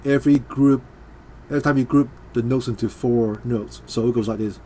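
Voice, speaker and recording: A man's voice: mid-range voice, fairly even intonation, a little fast. A man teaching a guitar part in a casual, hesitant way, with many fillers and beats counted aloud. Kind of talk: casual instructional talk. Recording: loud guitar playing behind. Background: guitar playing.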